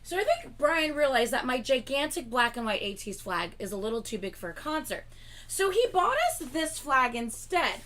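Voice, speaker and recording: In a casual livestream chat, a young woman co-hosting rambles on, filling her talk with "like" and laughing between lines. She speaks at normal speed in a high-pitched, sing-song voice that's a bit bright.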